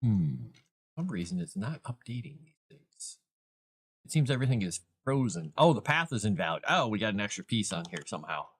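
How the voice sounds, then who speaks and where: A man with a low but very animated voice talks through his work step by step. He chats casually to viewers and to his cat as he goes. His delivery is relaxed, live-stream commentary. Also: a little fast, husky. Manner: thinks aloud while working, chats to viewers and his cat. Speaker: author and live-stream host.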